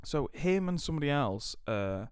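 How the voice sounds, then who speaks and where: A young British man hosts a podcast, telling stories in a casual, animated chat full of swearing and constant "like" fillers. His voice is fairly high and moves at normal speed, with a clean, studio-quality tone and no echo.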